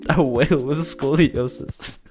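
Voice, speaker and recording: A man's voice: medium pitch, a little slow, darkish tone, soft background music. Congested, rambling streamer guy. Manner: rambling, many restarts and laughs. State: a bit congested from a cold. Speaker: streamer reacting to videos. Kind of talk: casual live-stream commentary.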